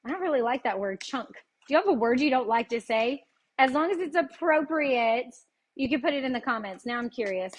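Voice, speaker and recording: A woman's voice: high-pitched, expressive, brisk. A woman with a Tennessee Southern accent, hosting a live cooking lesson and chatting folksily with her viewers as she goes. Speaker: cooking show host.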